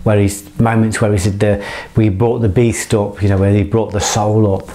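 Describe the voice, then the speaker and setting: A man's voice: fairly low pitch, flat delivery, normal speed, mellow. A middle-aged man giving an impassioned motivational monologue, earnest, swearing freely and rambling with restarts. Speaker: motivational speaker.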